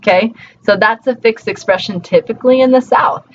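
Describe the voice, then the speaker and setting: A woman's voice: fairly high pitch, fairly quick. Woman lecturer, informal and chatty, slightly dull recording with faint hum. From Colorado, USA. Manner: conversational, many fillers and checks like "right?". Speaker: linguistics teacher.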